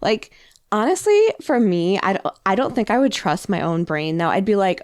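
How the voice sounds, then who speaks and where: A woman's voice: mid-range voice, moderate pace. A woman co-hosting a podcast, casually retelling a story with many fillers. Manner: relaxed, filler-heavy retelling. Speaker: podcast co-host.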